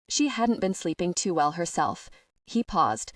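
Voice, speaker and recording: Audiobook narrator, woman, lowish voice, steady delivery, dry distant mic. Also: measured pace, dry recording. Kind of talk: scripted narration.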